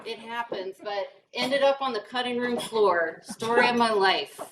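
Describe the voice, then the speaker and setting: A crowd can be heard behind a guest speaker from rural Kentucky as she gives a funny talk in an indoor brewery event room, telling stories at her own expense. Her voice is on the high side and unhurried. A distant mic captures her with faint noise.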